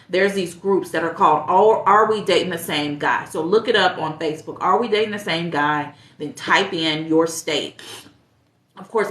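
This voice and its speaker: A woman's voice: lowish voice, fairly bright tone. Woman life coach in an echoey room. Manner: direct, questioning the viewer, laughs at herself. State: a little stuffy from allergies. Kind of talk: casual advice monologue.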